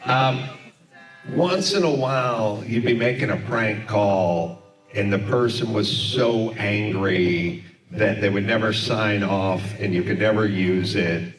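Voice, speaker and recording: A man's voice: on the low side, takes it slowly, music in the background. A middle-aged man hosting, telling a rambling comic story in front of a live audience. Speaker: comedy podcast host. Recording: echoey live room, far mic, audience.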